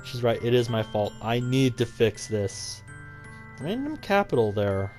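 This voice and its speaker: A man's voice: mid-range voice, sing-song, a little slow, darkish tone, faint music behind. A man hosting a let's play, reading a visual novel aloud and reacting with exasperated asides.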